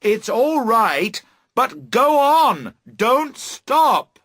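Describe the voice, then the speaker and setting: An exasperated young man shouts across the water, his voice pushed high and loud, as a man acts him out. The husky voice is drawn out slowly on the key words, in a dry, close sound. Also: big pitch swings, exaggerated voice. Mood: shouting insistent. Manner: shouting, raised and insistent.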